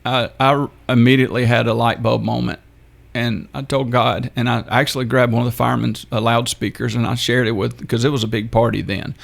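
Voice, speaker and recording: An older man, a radio guest telling his story in a halting, unhurried way. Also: medium pitch, level tone, creaky. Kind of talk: interview storytelling.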